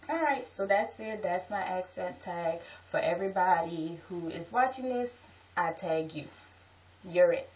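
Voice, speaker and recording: A woman with a New Orleans accent talks in a relaxed, chatty vlog style, wandering into asides as she explains. Her voice sits a little low, and she sounds a bit distant from the mic. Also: moderate pace. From Southeast Louisiana. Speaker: vlogger. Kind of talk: casual accent-tag vlog chat.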